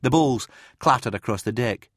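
A man narrating an audiobook in an expressive reading style. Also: medium pitch, normal speed, dry recording, clean studio sound. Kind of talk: scripted narration.

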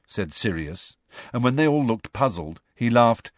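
A man narrating a children's fantasy audiobook in a measured, expressive way. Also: medium pitch, no room sound, clean studio sound. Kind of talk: storybook narration.

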